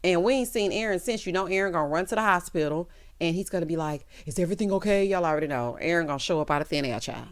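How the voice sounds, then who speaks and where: A woman's voice: fairly low pitch, quick pace. A woman chatting through a TV episode recap, sassy and dramatic, calling her listeners child and honey and acting out the characters' lines. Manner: sassy, calls the audience child, honey and baby. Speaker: TV recap vlogger.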